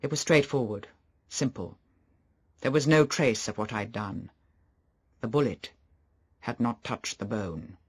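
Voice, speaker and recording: A man voicing a troubled, grimly calm gentleman in an audiobook, speaking low and measured. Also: slightly rough. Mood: grave.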